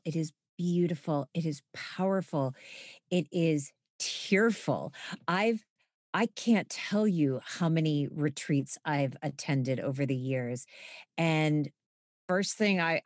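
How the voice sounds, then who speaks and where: Low-voiced woman, excitable and chatty. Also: no room sound, studio quality. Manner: excitable, thinks out loud with many restarts. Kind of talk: casual conversation.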